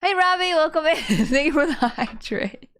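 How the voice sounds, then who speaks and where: A woman's voice: high voice, lively intonation, normal speed, a bit bright. A woman streamer chatting casually and giggling as she plays, with game music behind. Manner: giggly, chatty, reacts to chat. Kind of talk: casual chat while playing a game.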